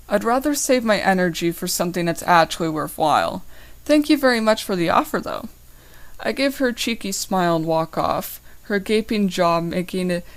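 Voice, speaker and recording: A young woman reading the first chapter of her own novel aloud, narrating in first person and lifting her voice slightly for the dialogue. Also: lowish voice. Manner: reads all characters in her own voice, small lifts for dialogue.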